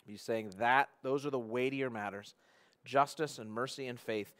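An earnest male pastor delivers a sermon at a middle pitch. He climbs to loud, emphatic peaks, then drops to near-hushed tones as he presses his points home. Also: fairly even intonation, moderate pace.

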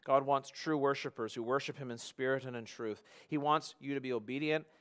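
A man preaching a sermon in an earnest tone, swinging between loud emphasis and quiet, hushed passages. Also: mid-range voice, steady tone, brisk. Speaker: pastor.

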